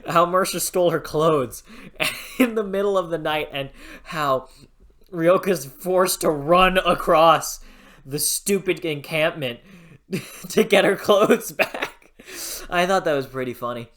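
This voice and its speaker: A book reviewer in a casual video review who gushes excitably, laughs often and swears freely. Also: medium pitch, takes it slowly.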